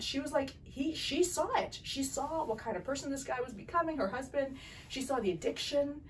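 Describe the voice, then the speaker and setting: A woman eye doctor hosts a casual podcast and rambles from point to point. She is quick to laugh. Her voice sits slightly back from the mic, with a faint hiss of noise underneath. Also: high-pitched, recorded from a distance, poor audio. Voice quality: chatty, digressive, quick to laugh.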